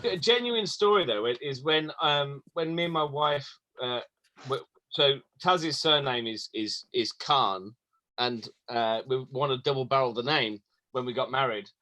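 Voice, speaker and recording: A man's voice: mid-range voice, measured pace, bright, forceful tone, dry recording, poor audio. A man from Birmingham with a Birmingham accent, telling a self-mocking story in casual chat over a video call. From Birmingham, England. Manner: rambling, self-mocking, with many ums. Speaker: guest on a motoring chat show.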